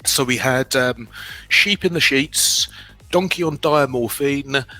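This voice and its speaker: A man's voice: mid-range voice, slow, pushed and bright, soft background music, poor audio. A middle-aged man with a British accent, telling his own story as a guest in a candid, self-deprecating way, often restarting his sentences.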